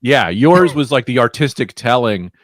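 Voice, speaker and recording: A man telling a crude joke as a rambling casual story, slipping into the voices of the characters with a deadpan delivery. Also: mid-range voice, normal speed, no room sound, clean studio sound. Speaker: podcast co-host.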